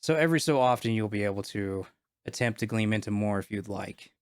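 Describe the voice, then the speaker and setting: A man's voice: fairly low pitch, expressive, brisk, smooth, no room sound, clean studio sound. A man narrating as game master of a tabletop game, casual with many fillers.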